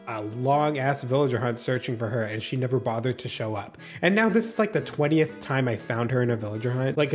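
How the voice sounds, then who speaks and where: Excitable man chatting over a video game. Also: medium pitch. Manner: excitable, chatty, swears freely, talks to viewers. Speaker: gaming YouTuber. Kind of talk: casual gameplay commentary.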